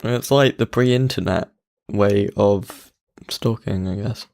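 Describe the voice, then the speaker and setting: A low-voiced man with a creaky, gravelly tone co-hosts a casual podcast, trading sarcastic jabs with his partner. He is crude and dry and often drops to a mutter for an insult. He talks into a desk mic that he keeps bumping. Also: slow pace, a little mellow. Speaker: podcast co-host. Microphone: studio mic he keeps bumping.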